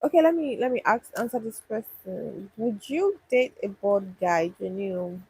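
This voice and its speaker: A woman's voice: medium pitch, expressive, normal speed, mellow, slightly rough, poor audio. A young woman chatting casually with viewers on a livestream, thinking aloud and restarting her sentences. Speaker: livestream host answering viewers. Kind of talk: casual live chat.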